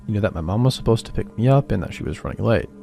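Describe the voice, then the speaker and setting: Low, gravelly man narrating horror. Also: very fast. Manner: quiet, even first-person storytelling. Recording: voice-over with faint music beneath.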